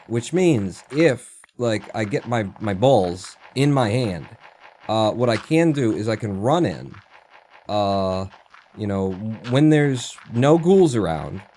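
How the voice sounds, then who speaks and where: A man's voice: fairly low pitch, warm tone, slight background noise. A man streaming a video game, chatting casually and muttering to himself as he plays, with the odd swear word. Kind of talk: casual gameplay commentary.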